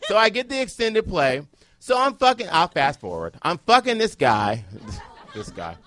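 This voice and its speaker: A man telling a comic story in boisterous, profane, animated chat. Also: high-pitched, normal speed, dry recording.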